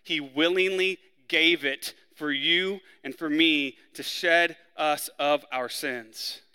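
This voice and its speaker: A man preaching a sermon, acting out the criminals' words in a raised, forceful voice. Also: fairly even intonation, takes it slowly, clean tone, in a large hall. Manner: preaching, acts out the criminals' lines with rising pitch and force. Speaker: pastor.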